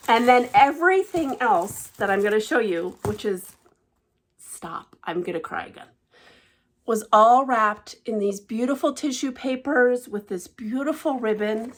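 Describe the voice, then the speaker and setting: A woman talks through a haul of stitching gifts in a casual vlog. She gushes, and her voice often drops to a soft, breathy hush when she's moved. Her pitch sits in an ordinary middle range. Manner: gushing, emotional, often hushed and breathy with delight. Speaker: cross-stitch vlogger. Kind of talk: casual show-and-tell vlog.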